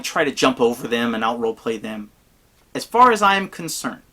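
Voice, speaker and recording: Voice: mid-range voice, a bit bright. A tabletop role-playing gamer giving casual advice in a blunt, emphatic, rambling way.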